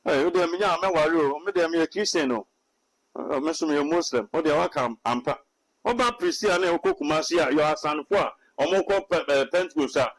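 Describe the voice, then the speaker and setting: Ghanaian male prophet, high voice, preachy and halting. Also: a bit bright, rough recording. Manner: preachy, repetitive, hesitant restarts. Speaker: self-styled prophet. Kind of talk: animated Twi commentary mixed with English.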